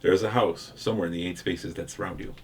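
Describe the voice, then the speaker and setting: A man acting as game master in a board game playthrough, reading out results in an even, formal way and laughing often. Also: low voice, quick pace, a little hiss or hum.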